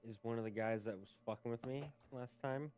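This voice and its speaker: A man's voice: medium pitch, steady tone, brisk, darkish tone, soft background music. A man playing a tabletop game, chatting casually and joking with frequent swearing. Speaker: player. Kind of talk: casual chat.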